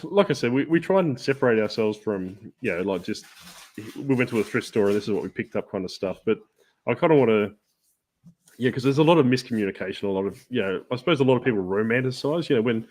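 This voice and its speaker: A man's voice: medium pitch, animated, fast talker, darkish tone. A man with an Australian accent, a guest chatting casually on a live stream, rambling and easygoing with frequent chuckles. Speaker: guest reseller.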